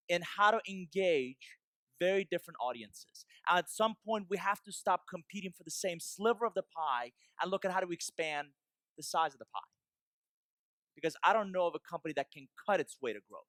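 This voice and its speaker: A man from Iran giving a measured, emphatic conference keynote, pausing between points. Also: sits high, expressive, fairly bright tone, no echo. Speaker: keynote speaker. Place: conference hall stage.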